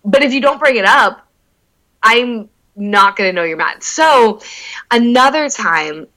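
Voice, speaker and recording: A young woman telling stories in casual chat, candid and full of filler words, swearing freely with quick asides. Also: fairly high pitch, rough recording. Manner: animated retelling with quick asides.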